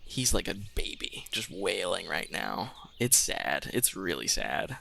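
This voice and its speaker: A man narrating a tabletop game as game master, relaxed and amused. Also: sits low, unhurried, gravelly, slight background noise.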